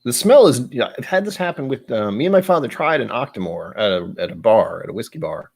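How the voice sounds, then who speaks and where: A man's voice: mid-range voice, sing-song, brisk, creaky, breathy edge. A young American man hosting a casual live stream while tasting whiskey, rambling and interrupting himself, often slipping into playful voices. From United States. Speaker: stream host.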